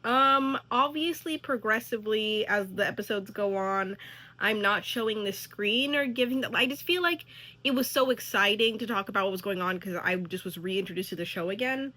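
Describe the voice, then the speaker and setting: A young woman vlogger casually reacting to a TV show, animated, exclaiming and laughing often. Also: mid-range voice, normal speed, low-quality recording.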